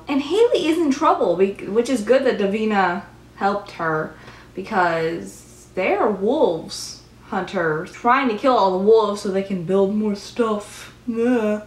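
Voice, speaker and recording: A young woman vlogger in a casual, chatty recap, acting out characters' lines in quick bursts. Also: medium pitch, roomy sound. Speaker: vlogger reviewing TV episodes.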